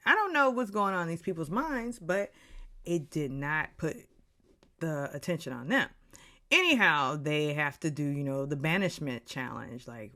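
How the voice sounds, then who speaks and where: A woman's voice: sits low, very animated, unhurried, bright, forceful tone. A woman giving a casual, gossipy recap rant about a reality show, full of blunt opinions. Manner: opinionated and gossipy, slips into voices for the people she talks about.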